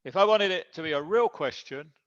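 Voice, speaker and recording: Guy teaching an english class online, patient, kinda high voice, dull lo-fi audio. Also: fairly quick, fairly bright tone, no room sound. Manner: patient, explaining step by step. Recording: dull lo-fi sound.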